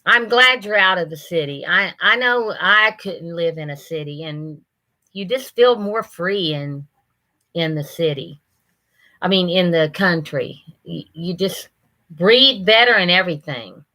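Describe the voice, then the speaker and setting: A woman's voice: lowish voice, expressive, a little slow, bright, forceful tone, rough recording. A woman, hosting a livestream and chatting folksily with viewers by name. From Ohio, USA. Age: 60s. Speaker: livestream host. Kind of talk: casual chat reading viewer comments.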